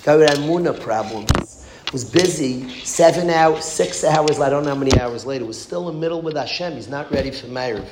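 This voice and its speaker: A man preaching a storytelling sermon, driving home points with repetition and sudden rises in force. The recording is roomy and echoing, with a steady hiss of noise underneath. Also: on the high side, a little fast. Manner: emphatic, repetitive, swings from hushed to loud. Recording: echoey room with background noise.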